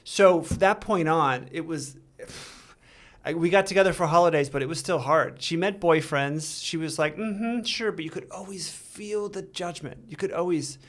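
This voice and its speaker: Earnest man telling a halting story. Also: fairly high pitch. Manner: earnest, halting, with many restarts. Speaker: interview guest. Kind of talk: candid storytelling in a recovery interview.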